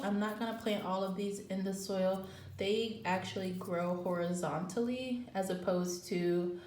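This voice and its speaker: A woman hosting a gardening channel, chatting casually in her home kitchen and thinking aloud as she works. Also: fairly low pitch. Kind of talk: casual how-to chat. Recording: echoey room with faint background noise.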